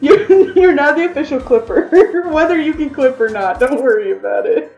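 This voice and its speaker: A woman's voice: sits high, moderate pace, gravelly, a little mellow, echoey room, lo-fi sound, faint music behind. A young woman streaming a game playthrough, chatting with a co-host and laughing often. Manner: switches between chat and character voices, laughs often. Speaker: streamer voicing game characters. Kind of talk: playthrough with voiced dialogue readings.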